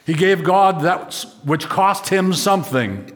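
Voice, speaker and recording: A man's voice: high voice, lively intonation, takes it slowly. A man preaching a sermon, walking through a scripture passage and putting questions to the congregation. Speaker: pastor. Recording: long reverb of a large hall.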